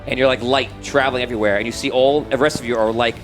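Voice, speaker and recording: Hombre narrando una partida de rol. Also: male voice, medium pitch, fairly even intonation, rapid-fire. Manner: rambling, many fillers and restarts. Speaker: game master. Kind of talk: narrating a tabletop game. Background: background music.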